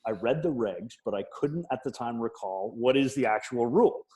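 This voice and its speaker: A man's voice: medium pitch, expressive, normal speed, warm tone, low-quality recording. A man, a guest on a podcast, telling stories in a rambling way and joking wryly about his own failures. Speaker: guest hunter. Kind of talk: casual podcast chat.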